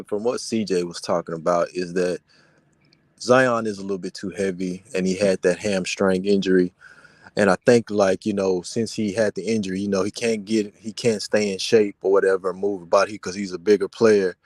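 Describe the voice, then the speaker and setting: Laid-back low-voiced man talking hoops. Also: fairly even intonation, moderate pace, dry recording. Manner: laid-back slangy talk, says bro a lot. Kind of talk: casual basketball chat.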